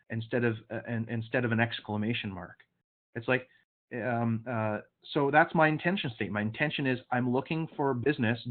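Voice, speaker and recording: Male sales trainer, direct and occasionally scolding, over a tinny call line. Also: mid-range voice. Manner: coaching, direct, sometimes stern. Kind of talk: online training session. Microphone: video call. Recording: phone-like video call audio.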